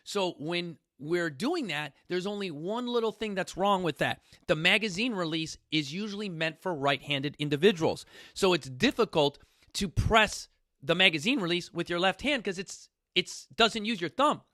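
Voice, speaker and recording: A man hosting a casual talk for a studio audience, animated, often calling out "you guys" and acting out quotes. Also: sits high, normal speed, no room sound. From New York City. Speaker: fitness coach hosting a talk.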